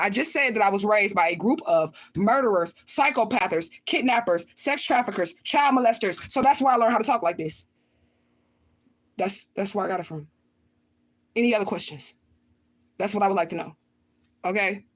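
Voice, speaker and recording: A woman's voice: on the high side, moderate pace, fairly bright tone. A woman hosting her own channel, reading viewer comments and answering them in blunt, profane outbursts, often repeating her lines. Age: adult with children. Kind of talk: livestream chat.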